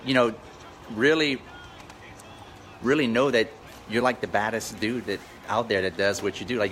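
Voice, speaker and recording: A man's voice: on the low side, fairly bright tone, a little hiss or hum. A man coaching real estate wholesalers on a live stream, talking energetically and greeting viewers by name as he goes. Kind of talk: casual live-stream pep talk.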